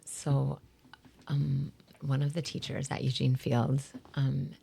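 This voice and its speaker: A woman from South Dakota, a theater performer and teacher, telling stories in a rambling interview chat with lots of fillers and soft whispery asides. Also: very deep voice, flat delivery, takes it slowly, creaky, slightly rough. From South Dakota, USA. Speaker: guest, actor and theater teacher.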